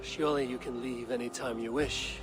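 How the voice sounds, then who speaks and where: An actor voicing a calm, courteous Norse warrior who speaks in a measured way, with game music behind. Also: male voice, mid-range voice, close to an everyday voice.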